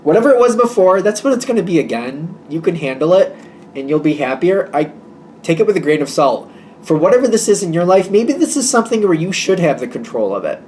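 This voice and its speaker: A man's voice: high-pitched, sing-song, a little fast, darkish tone, slight background noise. A man giving a casual tarot reading to his viewers, chatty and hedging, with a wry, slightly snippy tone. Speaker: tarot reader.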